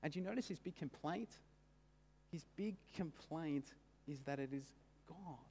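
Brief: male preacher, conversational sermon, higher pitch, long hall echo. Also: normal speed, mellow, breathy edge. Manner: casual, frequent "right?" and "kind of" asides. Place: church. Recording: long church hall reverb.

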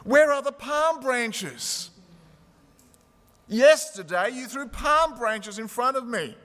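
A man's voice: on the high side, sing-song, unhurried, bright, forceful tone, big-room sound, heavily acted. A man doing a huffy, proud young donkey. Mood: indignant. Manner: huffy, self-important.

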